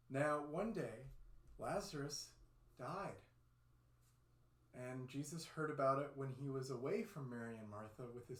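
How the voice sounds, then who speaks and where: Friendly man telling a children's story. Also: fairly high pitch. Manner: friendly, expressive, questioning. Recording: roomy echo.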